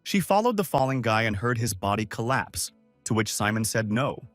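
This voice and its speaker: A man narrating a scripted story recap with animated intonation. His voice sits close and dry, with no room sound. Soft music plays faintly underneath. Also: on the low side, moderate pace, no echo.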